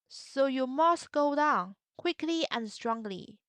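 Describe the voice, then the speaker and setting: Slow, patient woman teaching tones. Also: on the high side, a bit bright, clear, resonant tone, no room sound, clean studio sound. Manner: repeats phrases slowly, models tones with drawn-out vowels. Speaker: Mandarin teacher. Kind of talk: slow, patient language lesson.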